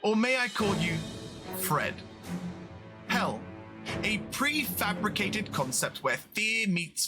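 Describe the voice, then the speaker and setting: A man's voice: sits high, full character voice. A man playing a pompous mad scientist. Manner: slow, grandiose, coldly polite villain monologue. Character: cold, pompous male mad scientist doctor. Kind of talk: game voice-over.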